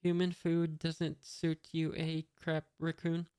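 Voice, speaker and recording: A reader voicing a proud, sharp-tongued young male cook, read plainly and a little louder than the narration. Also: mid-range voice, takes it slowly, smooth, no echo, clean studio sound, lightly acted. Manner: flat reading, a bit louder for quotes.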